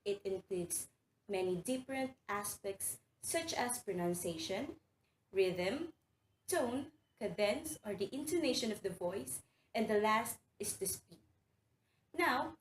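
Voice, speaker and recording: A woman teaching a recorded reading lesson, carefully saying words aloud for students to repeat. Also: medium pitch. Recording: roomy echo, faint background noise.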